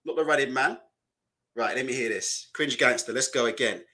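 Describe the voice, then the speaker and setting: A man's voice: mid-range voice, moderate pace, sharp tone. A man doing casual, mocking live-stream reaction commentary, asking rhetorical questions and laughing often.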